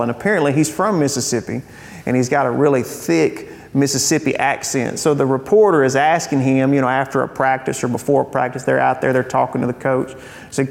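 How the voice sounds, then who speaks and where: A man's voice: medium pitch, creaky. A man preaching a sermon as pastor, conversational and earnest, with frequent fillers. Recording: church hall with long reverb.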